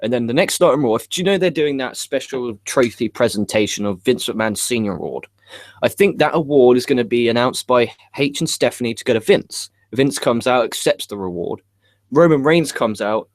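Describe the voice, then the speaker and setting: A man co-hosting a casual wrestling preview podcast, laying out his predictions in a measured way. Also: medium pitch, no echo.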